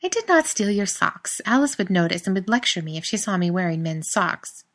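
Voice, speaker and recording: A dry-witted wife teasing her husband with wry questions, as a woman reading a story puts her on. Her lines lift higher and come out more forcefully than the surrounding narration. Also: very animated, fairly quick, lightly acted. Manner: teasing, wry, raised brighter delivery.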